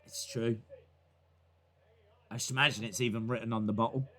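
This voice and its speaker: A man's voice: medium pitch, steady tone, moderate pace, fairly bright tone. A man casually reacting to wrestling live, joking, rambling and acting out silly voices.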